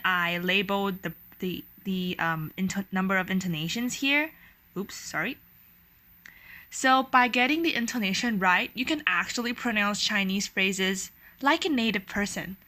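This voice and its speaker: Bright-voiced woman teaching language tones. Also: medium pitch. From Taiwan. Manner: patient, demonstrating tones with sung-out syllables. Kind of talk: explanatory language lesson.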